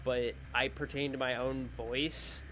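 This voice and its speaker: A man wraps up his gaming video, sleepy and worn out, talking in a loose, rambling way. He jokes at his own expense as he goes. His voice sits at an ordinary middle pitch, with a faint hum of noise underneath. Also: flat delivery, unhurried, fairly bright tone. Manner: rambling, chatty, self-joking. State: sleepy, tired. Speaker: gaming channel host. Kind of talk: casual video outro chat.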